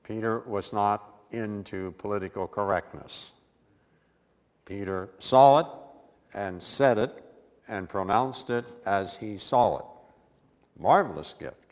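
Preacher guy giving a sermon, emphatic, repeats himself, lowish voice, church echo. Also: takes it slowly, pauses often. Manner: emphatic, repeats words for stress.

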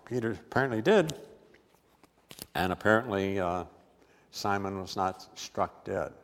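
A man's voice: deep voice, measured pace, pauses often, long reverb tail. A man preaching a sermon with emphatic stress and repeated words.

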